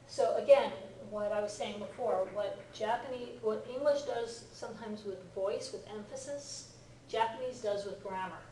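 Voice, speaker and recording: A woman teaching a Japanese lesson who talks in an animated way, acting out example lines and laughing often. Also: a little high, normal speed. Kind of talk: lively one-on-one lesson. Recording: echoey room, far from the mic, faint noise.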